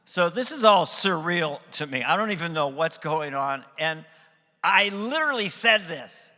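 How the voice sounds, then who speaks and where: A man doing stand-up at a private event, telling a story in an animated, self-mocking way, heard in a reverberant hall. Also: on the high side, a little slow. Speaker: stand-up comedian. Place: event stage. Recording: reverberant hall with faint music.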